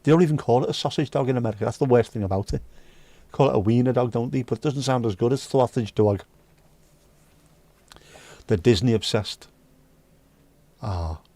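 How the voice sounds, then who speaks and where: A man runs a live stream, reading his viewers' messages and keeping up chatty, joking banter, sometimes singing bits of songs. His warm, mid-range voice moves at normal speed with long pauses, and there's no room sound.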